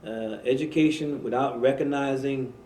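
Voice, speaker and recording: A man hosting a religious broadcast preaches at an even, middle pitch, leaning hard on key words and repeating himself as he builds a point. His voice rings in a roomy studio. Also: slight background noise. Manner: preaching, slow and emphatic, repeating phrases. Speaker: imam and show host. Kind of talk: religious talk radio conversation.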